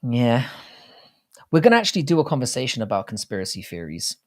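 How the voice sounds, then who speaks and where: This livestream host is a young man from England with an English accent, speaking at medium pitch, very animated and a little fast. Rambling in a casual way, he swears a lot and reads out comments from viewers.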